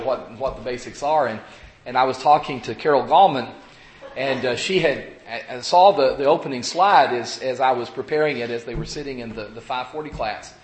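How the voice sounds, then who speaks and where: A man in his fifties giving an evening sermon at a pulpit microphone, talking around a cough drop while getting over a cold, folksy and halting with many fillers and restarts. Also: mid-range voice, roomy sound. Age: 50s. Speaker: preacher. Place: church sanctuary.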